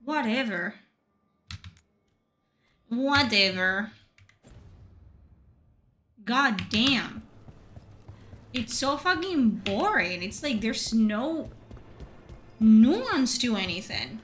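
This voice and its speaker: Spanish-accented woman streamer, high bright voice, sarcastic swearing rant over gameplay. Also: slight background noise. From Spain. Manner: sarcastic, profane, exasperated. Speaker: streamer reviewing a video game. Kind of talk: ranting game commentary.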